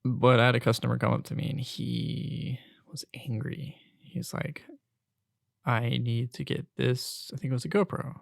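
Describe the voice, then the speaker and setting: A man's voice: medium pitch, moderate pace, creaky, no room sound, in a whisper, studio quality. A young man hosting a podcast solo, venting in an exasperated, casual rant with some swearing. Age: young adult. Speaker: podcast host.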